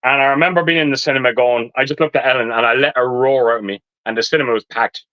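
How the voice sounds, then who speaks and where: A man's voice: mid-range voice, steady tone, fast talker, smooth, dry recording. A man, a guest on a live stream, telling a rambling, apologetic story in casual chat. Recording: dull lo-fi stream audio.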